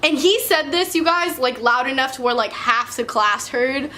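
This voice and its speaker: A woman's voice: high-pitched, moderate pace, bright, forceful tone, slight background noise. A young woman vlogger telling a story in casual chat, talking freely with lots of "like" and swearing, and often laughing as she talks. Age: young adult. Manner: chatty and profane, full of "like" and "you know".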